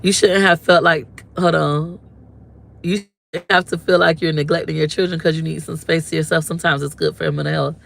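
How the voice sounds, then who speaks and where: Gravelly-voiced mom vlogging candidly. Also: female voice, low-pitched, steady tone, fairly quick, a bit bright. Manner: emotional, slangy, rambling, quotes her husband. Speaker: vlogger, mother. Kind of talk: candid casual talk to viewers.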